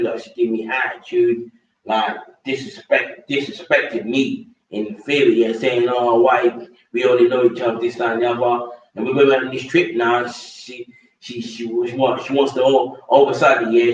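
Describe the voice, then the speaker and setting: Rambling man in roomy room. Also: medium pitch. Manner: rambling and repetitive, crude slang, many stammered restarts. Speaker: vlogger. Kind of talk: casual rant to camera. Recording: roomy, distant and dull.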